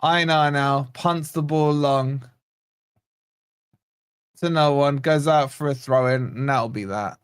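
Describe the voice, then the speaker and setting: A man's voice: mid-range voice, fairly even intonation, slow, long pauses, clean tone. A man hosting a live football watch-along, blunt and sarcastic, venting about his team as the match plays out. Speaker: fan channel host.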